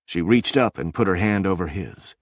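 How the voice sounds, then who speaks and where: In a dry, studio-quality recording, a man reads an audiobook aloud in a low voice. His storytelling stays steady and measured.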